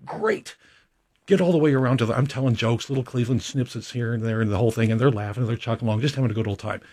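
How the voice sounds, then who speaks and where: A middle-aged man, a studio guest, telling animated anecdotes in a casual radio chat. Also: medium pitch, breathy edge.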